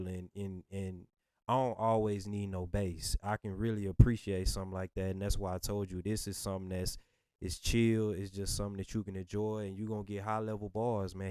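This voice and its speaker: A man giving relaxed, rambling reaction commentary on a rap album as the host of his channel. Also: low voice, clean tone, dry recording, clean studio sound. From Southern United States. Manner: laid-back, rambling, full of "you know what I'm saying".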